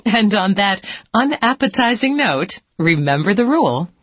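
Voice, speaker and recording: Encouraging woman teacher, lively delivery. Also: mid-range voice, moderate pace, no echo. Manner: patient, encouraging. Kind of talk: scripted educational dialogue.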